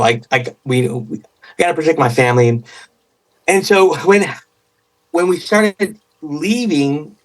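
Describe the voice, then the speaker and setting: A man on a podcast as a guest tells a story in a casual, excitable way. He rambles and restarts his sentences often. His voice sits a little high for a man and sounds somewhat distant from the mic.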